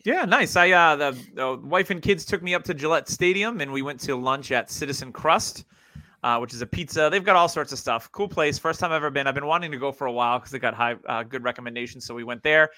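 Bright, higher-voiced joking host. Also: male voice, fast, dry recording. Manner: joking, teasing. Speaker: podcast host. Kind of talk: casual chat.

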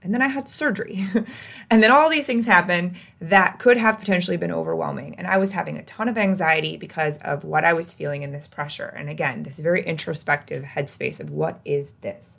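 A woman hosting her own podcast, talking candidly in a casual self-help monologue that swings between lively and hushed. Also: on the low side, brisk, creaky. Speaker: podcast host.

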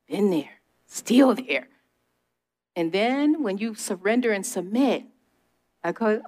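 A woman's voice: mid-range voice, expressive, measured pace, long pauses, darkish tone. A middle-aged woman preaching a conversational sermon, emphatic and testifying, talking straight to her listeners. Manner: emphatic, testifying, speaks to the audience directly.

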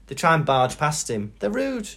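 A man's voice: a little high, wildly swooping pitch, normal speed, creaky, fairly bright tone, breathy edge. A man co-hosting a casual chat show, playful and prone to jokey voices. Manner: playful, does silly character voices. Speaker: podcast co-host.

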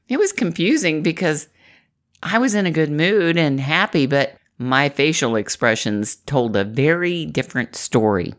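A woman's voice: low voice, lively intonation, normal speed, fairly bright tone. A middle-aged woman from the Midwest, talking to camera in a chatty, encouraging way and laughing often. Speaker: inspirational vlogger. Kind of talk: upbeat motivational talk to camera.

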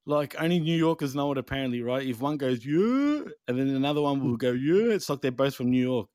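A man's voice: medium pitch, steady tone, quick pace, darkish tone, clean tone, dry recording, studio quality. A man co-hosting a casual wrestling podcast, swearing bluntly and joking. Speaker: podcast co-host.

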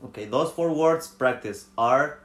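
A man's voice: mid-range voice, a little slow, fairly bright tone. A man whose first language is Spanish, co-hosting a casual podcast and patiently drilling pronunciation by repeating sounds. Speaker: podcast co-host. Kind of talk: casual chat. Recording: echoey room with faint noise.

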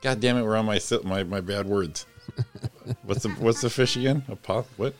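A very deep-voiced man co-hosting a loose morning show. He swears freely and laughs a lot, and now and then stumbles over a word. Faint music sits under the talk. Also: moderate pace. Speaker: co-host. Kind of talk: casual morning show banter.

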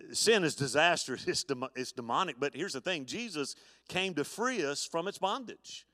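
A man's voice: on the high side, expressive, a little slow, sharp tone, no room sound, studio quality, long reverb tail. A man preaching a live sermon as pastor, folksy, with stammered restarts and chuckles. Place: church sanctuary.

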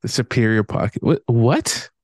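A man's voice: mid-range voice, expressive, moderate pace, a little mellow, no room sound, studio quality. A man co-hosting a podcast in casual chat, hesitant, with lots of ums and trailing-off thoughts. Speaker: podcast co-host.

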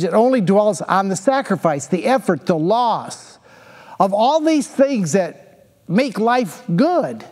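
A man's voice: sits high, a little mellow. A man preaching a sermon, pressing the listeners with repeated rhetorical questions and emphatic, repetitive phrasing. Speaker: pastor. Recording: long hall reverb.

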